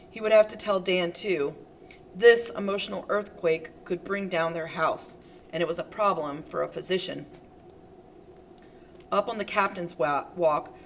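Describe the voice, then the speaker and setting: A woman reading a novel aloud as an audiobook narrator, in a steady, expressive manner. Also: lowish voice, a little hiss or hum. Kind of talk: scripted narration.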